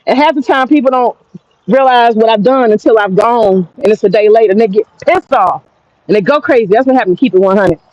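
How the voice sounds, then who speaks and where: Brash, profane high-voiced woman streamer. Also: a little fast, no room sound. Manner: brash, profane, laughing, talking straight to viewers. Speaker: streamer and commentator. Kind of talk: casual gossip commentary. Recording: dull lo-fi dry sound.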